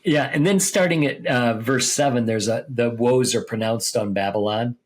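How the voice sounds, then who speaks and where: Podcast Bible teacher, male, husky mid-range voice, explains passages step by step and checks in often. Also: mid-range voice, normal speed. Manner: explains step by step, reads scripture aloud, checks with "okay?" and "right?".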